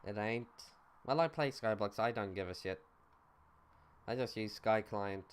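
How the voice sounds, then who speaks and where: A young man streams a video game with a smooth, somewhat low voice at a normal speed. He chats loosely and offhandedly with viewers, reading their messages aloud and swearing casually in typical gaming-stream banter.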